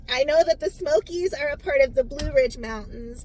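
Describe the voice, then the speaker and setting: A woman's voice: high voice, steady tone, slow pace, a little mellow, slight background noise, rough recording. A woman vlogging on a solo road trip, chatting casually and straight to her viewers while she films herself. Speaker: travel vlogger. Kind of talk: casual solo vlog chat.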